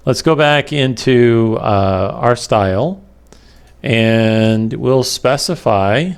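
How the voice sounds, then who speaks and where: This recorded screen-capture lecture features a male web development instructor with a mid-range voice roughened by gravelly fry. He moves slowly, hesitating often and padding pauses with ums and uhs, all while hiccuping into a plain computer microphone.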